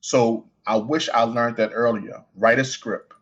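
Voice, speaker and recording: A man with a Baltimore accent talks quickly in a casual podcast interview, now and then stuttering or restarting a phrase. His voice sits at a middling pitch, and the recording sounds a little dull and lo-fi. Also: fairly even intonation, fairly bright tone. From Baltimore, United States. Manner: fast-talking, with some stutters and restarts. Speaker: guest, coin ring artist.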